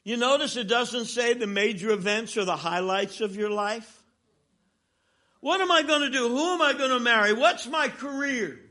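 An older man preaches a sermon in a high, bright voice. He tells stories with jokes, his volume dropping to a hush and then swelling again. He speaks as a seasoned traveling minister. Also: moderate pace. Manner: animated storytelling with jokes, swinging from loud to hushed.

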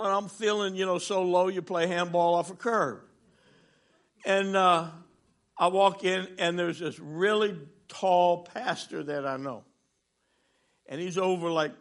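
Bright, high-voiced older male preacher. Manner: animated storytelling with jokes, swinging from loud to hushed. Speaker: traveling minister. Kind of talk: sermon.

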